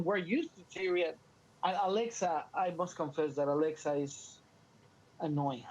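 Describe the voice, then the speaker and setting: A man's voice: sits high, moderate pace, husky, dull audio. A Latino man whose first language is Spanish, co-hosting a podcast in casual, joking chat with a Latin American Spanish accent. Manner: animated, playful, joking. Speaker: podcast co-host.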